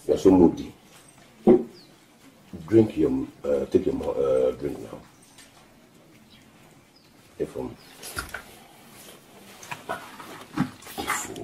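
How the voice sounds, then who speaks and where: An actor with a Nigerian accent playing an evasive young boyfriend who stammers defensively. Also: male voice, a bass voice, expressive, very slow, gravelly, long pauses, warm tone, heavily acted, low-quality recording. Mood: coaxing. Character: young man courting a girlfriend, evasive. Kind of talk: Nollywood film acting.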